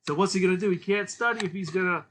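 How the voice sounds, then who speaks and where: A man hosts a casual solo review podcast, with a bright voice pitched a little high. He talks enthusiastically and rambles easily from point to point. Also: very fast, slight background noise. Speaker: podcast host.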